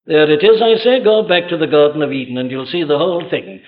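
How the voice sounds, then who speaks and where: A man's voice: a little high, expressive, quick pace. A man preaching a sermon with emphatic delivery, rhetorical questions and vivid retelling of stories. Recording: dull lo-fi old sermon tape.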